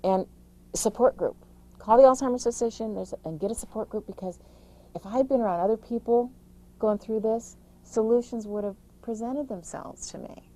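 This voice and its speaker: A middle-aged woman, an author, giving emphatic, rapid-fire caregiving advice in an interview, with frequent restarts. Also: on the high side, dark tone, rough recording. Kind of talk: interview answers.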